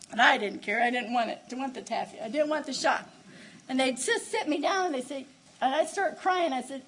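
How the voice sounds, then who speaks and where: An older woman preacher telling a personal testimony, moving from hushed storytelling to loud exclamations of praise. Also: high-pitched. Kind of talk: Pentecostal-style testimony sermon.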